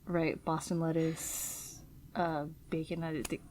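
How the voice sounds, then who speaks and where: A woman's voice: low voice, level tone, measured pace, darkish tone, a little hiss or hum. A woman artist from the United States talking in a casual interview, musing and hesitant, trailing off as she thinks. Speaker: guest artist.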